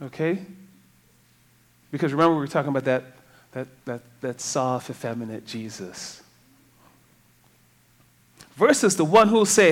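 A man's voice: medium pitch, animated, moderate pace, long pauses. A man preaching a sermon in a conversational way, reading scripture and asking the congregation rhetorical questions.

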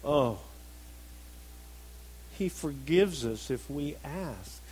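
Earnest male preacher, slightly raised pitch. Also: expressive, drawn-out words, husky, rough recording. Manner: earnest, swings between emphatic and soft, reflective. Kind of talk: sermon.

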